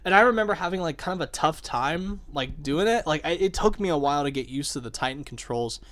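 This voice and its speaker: A young man chatting excitedly about a video game, swearing and saying "like" a lot as the show's host. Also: fairly high pitch, quick pace. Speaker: podcast host. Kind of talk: casual game discussion.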